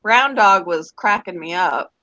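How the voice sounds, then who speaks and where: A woman's voice: fairly low pitch, lively intonation, unhurried, sharp tone, no echo, muffled recording. A middle-aged woman from Canada with a Canadian accent, rambling and laughing easily in casual voice chat. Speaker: voice chat participant.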